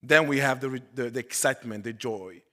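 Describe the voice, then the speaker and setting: A male pastor preaching a sermon, swinging between loud emphatic bursts and quiet low asides. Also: brisk. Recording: long hall reverb.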